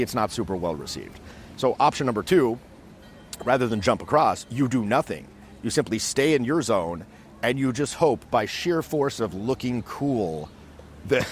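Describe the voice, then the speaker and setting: A man teaching social skills in a casual, animated way, acting out quick scenes as he explains. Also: lowish voice, a little hiss or hum. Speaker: dating coach. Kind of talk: casual instructional talk. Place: outdoors in a city.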